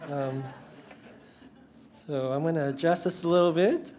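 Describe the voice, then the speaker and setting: A man's voice: fairly high pitch, unhurried, darkish tone, slight background noise. A man giving a sermon as a guest preacher, casual and joking, with many fillers and restarts. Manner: casual, self-deprecating, frequent fillers and restarts.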